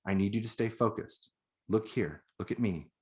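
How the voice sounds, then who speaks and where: A man's voice: on the low side, moderate pace, darkish tone, lightly acted. A man reading the lines of a tough, frightened young woman soldier, urging and snapping. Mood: steady. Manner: urgent, snapping.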